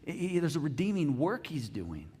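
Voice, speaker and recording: A man's voice: fairly high pitch, big pitch swings, normal speed, mellow, slightly rough. A male pastor giving a sermon in a conversational, earnest way, often restarting his sentences. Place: church.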